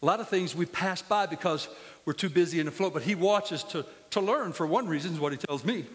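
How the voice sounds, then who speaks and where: A man's voice: a little high, a little fast, long reverb tail. A man preaching a sermon as pastor, impassioned and full of storytelling, in a church sanctuary.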